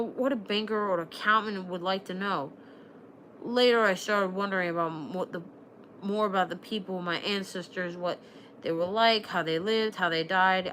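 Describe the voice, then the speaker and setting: A woman reading aloud from a novel, voicing a thoughtful, earnest man who talks in a halting, reflective way. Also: medium pitch, fairly bright tone, slight background noise, natural voice, rough recording.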